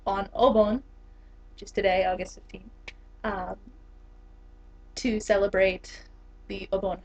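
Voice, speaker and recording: A woman's voice: mid-range voice, darkish tone. A young woman in her twenties, an English teacher, chatting casually to the camera with lots of fillers and laughs. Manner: chatty, giggly, many fillers. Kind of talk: casual vlog talk. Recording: dull lo-fi camera audio.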